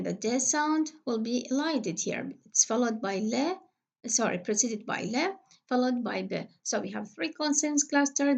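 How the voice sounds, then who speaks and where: Woman, pronunciation teacher, fairly high voice, patient, repeats words slowly. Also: creaky, a little mellow, lo-fi sound. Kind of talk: recorded phonetics lecture.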